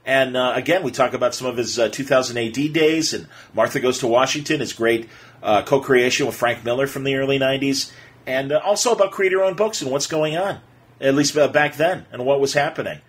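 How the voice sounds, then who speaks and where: A man hosting a podcast, telling stories in a casual, animated way with lots of fillers. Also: medium pitch, brisk, husky. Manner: animated, excitable storyteller with many fillers. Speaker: podcast host.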